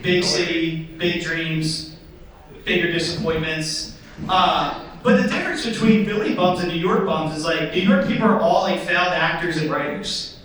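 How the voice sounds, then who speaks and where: Young man, high voice, stand-up comedy, casual storytelling, echoey theatre, heard from a distance. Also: fairly even intonation, normal speed, fairly bright tone, slight background noise. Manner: casual, storytelling, filler-heavy. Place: theatre stage.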